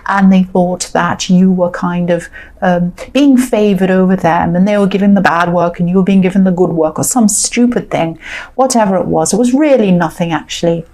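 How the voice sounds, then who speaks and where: A woman's voice: medium pitch, a little mellow. A woman giving a casual, chatty tarot reading straight to her viewers, reassuring and full of fillers. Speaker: tarot reader.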